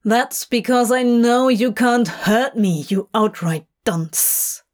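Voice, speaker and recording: A woman voicing a sour, grumpy male demon in a fan audio drama, slow and irritable. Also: fairly high pitch. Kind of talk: podfic voice acting.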